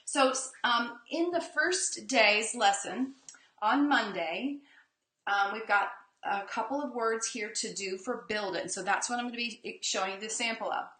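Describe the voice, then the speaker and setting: Woman, reading teacher for a live online lesson, bright voice, lively, stretches out sounds, echoey room. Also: a little high. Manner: energetic, emphasizes sounds slowly.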